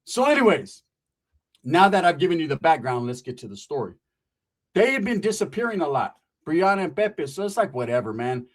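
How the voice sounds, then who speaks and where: Middle-aged guy telling a dirty comic story, slangy and swaggering, voice a bit high. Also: sing-song, fairly quick. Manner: swaggering, slangy, swears constantly. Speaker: stand-up comedian.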